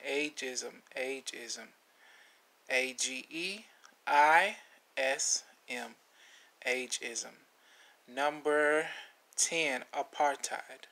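A man hosting a vocabulary video, naming each word, spelling it letter by letter and repeating it, with relaxed asides. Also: medium pitch. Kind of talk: slow spelling lesson.

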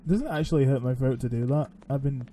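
A man's voice: mid-range voice, mellow, slight background noise. A man giving casual horror-game commentary, making crude jokes and calling himself the Batman in the third person. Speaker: gaming channel host.

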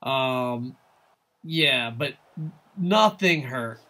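A man streaming a hockey video game live, swearing often and chatting excitedly with his viewers. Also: mid-range voice, very slow. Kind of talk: live gameplay commentary.

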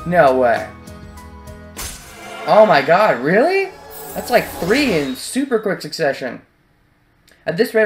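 A man giving casual let's play commentary over a video game, chatty, sarcastic and excitable. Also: on the high side.

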